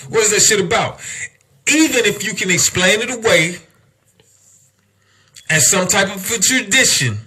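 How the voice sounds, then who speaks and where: Cursing heavily and leaning on rhetorical questions, a young adult podcast host rants with heat and emphasis. His high-pitched voice sounds pushed, bright and slightly rough.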